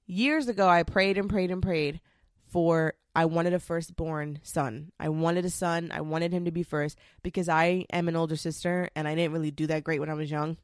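A young woman vlogging, ranting bluntly and profanely in a casual, animated way. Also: deep voice, moderate pace, no echo, clean studio sound. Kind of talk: casual rant to camera.

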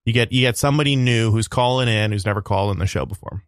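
A man's voice: on the low side, quick pace, clean tone, no room sound, clean studio sound. A man co-hosting a casual comedy podcast, easygoing and joking. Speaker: podcast co-host.

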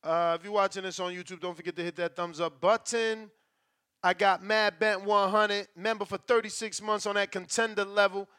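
Give me a man hosting a live call-in show, high and smooth, slangy and joking, with a lot of casual cursing. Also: fairly even intonation, normal speed, bright, forceful tone, no room sound, clean studio sound. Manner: slangy, profane, joking banter. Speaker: show host.

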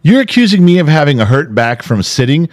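A middle-aged man co-hosting a casual podcast chat, animated and profane, acting out quoted arguments. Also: fairly high pitch, fairly quick. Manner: animated, swears, acts out quotes in raised voice. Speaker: podcast co-host.

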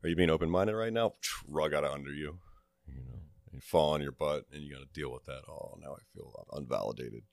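Very deep-voiced reflective man. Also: brisk, no room sound. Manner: reflective, questioning, speaks in rhetorical questions. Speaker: podcast guest. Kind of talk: casual chat.

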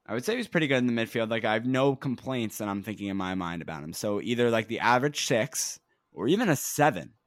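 A man's voice: medium pitch, expressive, fast, no room sound, studio quality. Easygoing young man joking on a podcast. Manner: jokey, easygoing guessing. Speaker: podcast co-host. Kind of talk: casual podcast chat.

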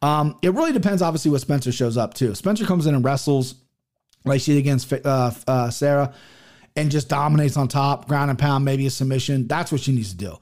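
A man's voice: medium pitch, a little fast, a little mellow. A young man giving casual MMA betting picks, profane and rambling, with many restarts. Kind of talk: casual solo picks show.

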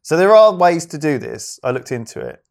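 A man trades jokes in a loose, casual chat. His pitch swings widely as he talks, and he laughs often. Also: big pitch swings, normal speed, gravelly. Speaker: podcast co-host. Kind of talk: casual banter.

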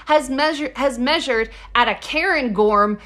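A woman co-hosting a chatty podcast with a fairly high voice. She jokes sarcastically and swears casually. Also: measured pace, pushed and bright. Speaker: podcast co-host. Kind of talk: casual chat.

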